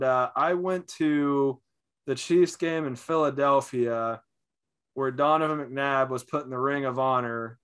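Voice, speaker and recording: A man in his thirties co-hosting a casual sports talk show, telling stories in an animated way and acting out what people said. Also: medium pitch, smooth. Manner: animated storyteller, acts out quotes. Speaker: podcast co-host.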